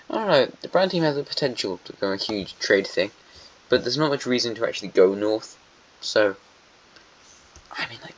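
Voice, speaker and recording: Over a dull lo-fi mic, a man with a fairly low, slightly bright voice narrates an alternate-history map. His commentary is casual and rambling, musing aloud and correcting himself as he goes.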